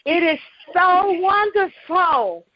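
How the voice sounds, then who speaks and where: A woman calling in to a talk show, chatting excitedly and gushing, repeating herself as she tells her story. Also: extremely high pitch, takes it slowly. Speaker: caller. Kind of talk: excited call-in chat. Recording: muffled phone line with faint hiss.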